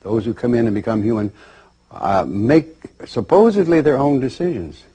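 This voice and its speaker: A man's voice: medium pitch, animated, normal speed, mellow, slightly rough. A man giving a spoken lecture, telling it as a story with voiced characters. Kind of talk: spoken lecture with acted dialogue.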